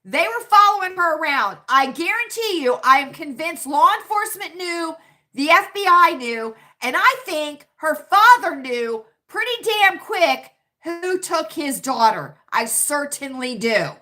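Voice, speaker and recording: A woman's voice: sits high, animated, measured pace, sharp tone. An American woman hosting a casual livestream chat, talking dramatically to her viewers and calling them friends. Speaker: livestream host.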